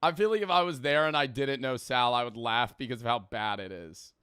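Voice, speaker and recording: A young man hosting a video, giving casual, animated reaction commentary. He swears and laughs as he talks. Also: mid-range voice, fairly quick, clean tone, no room sound, studio quality. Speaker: YouTube host.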